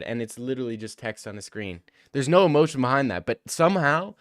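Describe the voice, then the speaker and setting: A young man in his twenties live-streaming, reading viewers' chat aloud and teasing right back. His voice sounds smooth and clean, sitting at an ordinary middle pitch, and the sound is dry and close. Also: lively intonation, a little fast, no room sound. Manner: joking, teasing, bantering with chat. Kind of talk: casual livestream chat.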